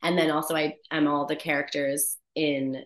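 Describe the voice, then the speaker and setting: Low-voiced woman, chatty actor, echoey room. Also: normal speed. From Canada. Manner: animated storyteller, laughs often, many restarts. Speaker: guest, actor. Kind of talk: casual interview chat.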